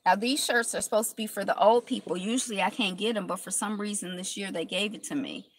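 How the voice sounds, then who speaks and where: A woman who has a cold hosts a casual live stream from inside a car, chatting with viewers and greeting them by name. She speaks fast in a medium-pitched voice, with a little hiss or hum in the audio.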